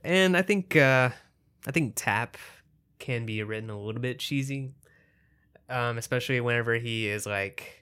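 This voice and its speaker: A man co-hosts a podcast in loose, conversational chat. He hedges his points with lots of fillers as he goes. His voice sits at an everyday middle pitch for a man. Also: moderate pace, sharp tone, clean tone. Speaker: podcast co-host.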